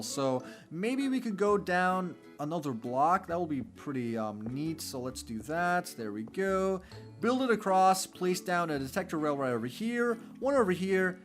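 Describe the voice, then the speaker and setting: A young man casually narrating a Minecraft building tutorial, chatty and full of fillers like "basically" and "go ahead". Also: on the high side. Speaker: Minecraft let's-play host.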